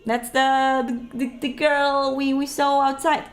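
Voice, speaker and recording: Playful woman gaming and chatting, kinda high voice, faint music behind. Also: flat delivery, a little slow, hardly any pauses. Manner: playful, curious, with stumbles. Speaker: gamer playing a detective game. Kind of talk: casual let's-play commentary and reading game text.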